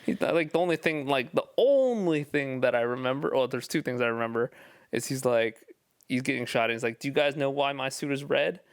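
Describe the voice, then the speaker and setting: A man's voice: medium pitch, a little fast, dry recording. Guy on a podcast couch, casual chat, loose rambly talk, dry mic. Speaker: podcast co-host.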